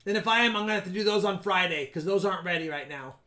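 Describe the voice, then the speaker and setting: A man hosting a casual live stream, joking with viewers and loudly counting down giveaways. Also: sits high, rapid-fire.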